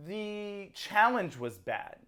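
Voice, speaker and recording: A woman's voice: medium pitch, sing-song, slow, crowd noise. A woman co-hosting a podcast, summing up a TV episode in casual chat and laughing often. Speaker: podcast co-host. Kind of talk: casual chat recapping a TV show.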